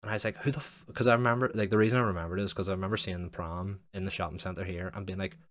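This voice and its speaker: A man's voice: deep voice, fairly even intonation, racing, a bit bright. A young man hosting a podcast, telling a rambling story in casual chat, swearing often and saying "like" constantly. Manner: rambling, sweary, heavy use of "like". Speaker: podcast host.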